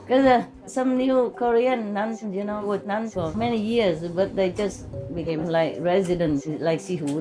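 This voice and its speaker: A woman's voice: fairly low pitch, darkish tone, a little hiss or hum. A woman spiritual teacher telling fond, teasing stories in casual chat, laughing often.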